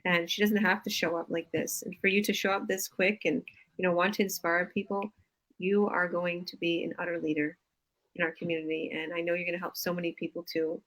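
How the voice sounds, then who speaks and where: A woman's voice: fairly low pitch, flat delivery, brisk, a bit bright, low-quality recording. A woman coach hosting a casual live stream over a video call, gushing with enthusiastic praise.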